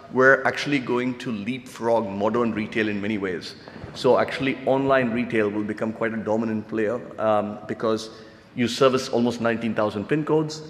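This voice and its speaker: Man giving a talk in an echoey hall. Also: lowish voice. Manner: filler-heavy, earnest explaining. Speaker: panel speaker. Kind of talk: conference talk.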